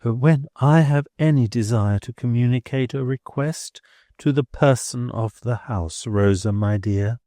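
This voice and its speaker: A man's voice: medium pitch, mellow, no echo, studio quality, voice pushed up, close to an everyday voice. A man voicing a prim, genteel older schoolmistress who speaks formally and stiffly. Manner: formal, measured, stiffly polite.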